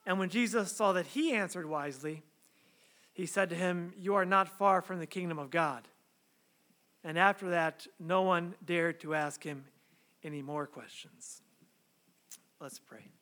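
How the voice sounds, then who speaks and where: A male pastor delivers a sermon with a fairly high voice. His tone is bright and forward as he reads scripture and prays, then explains the text in an earnest, conversational way, with rhetorical questions to his listeners. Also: a little slow. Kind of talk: sermon with scripture reading and prayer.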